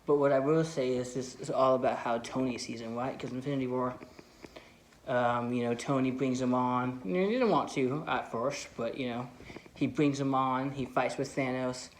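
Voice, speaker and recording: A man's voice: mid-range voice, fairly even intonation, moderate pace, slight background noise. Rambling, enthusiastic young-sounding film vlogger man. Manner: rambling, lots of "like" and "you know"; enthusiastic fan. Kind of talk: casual movie commentary.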